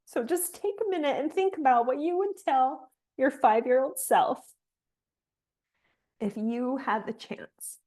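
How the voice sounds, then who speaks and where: Woman, young adult, high-pitched, gentle encouraging guidance, emotional. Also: unhurried. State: emotional, near tears. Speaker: fitness coach leading a guided exercise. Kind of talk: guided reflection exercise on a live call.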